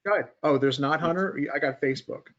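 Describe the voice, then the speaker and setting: Talking fast in a fairly high voice, a markets podcast host muses aloud over stock charts and repeatedly turns to his co-hosts for their input in a relaxed group chat. The audio is dull, with crowd noise in the background.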